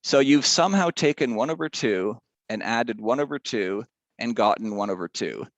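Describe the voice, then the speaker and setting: A man's voice: mid-range voice, expressive, moderate pace, dry recording. A male teacher giving a casual math lesson, chatty and rambling, drifting into side stories.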